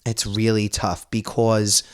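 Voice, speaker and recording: A man co-hosting a podcast in casual chat, agreeable and eager, often chiming in with quick agreement. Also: fairly low pitch, monotone. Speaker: podcast host.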